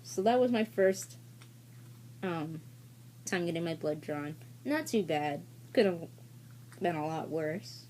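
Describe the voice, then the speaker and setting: A woman's voice: low voice, animated, slow pace, pauses often, a little mellow, a little hiss or hum. A woman vlogger telling a casual story-time tale in a rambling, candid way, with frequent fillers and swearing.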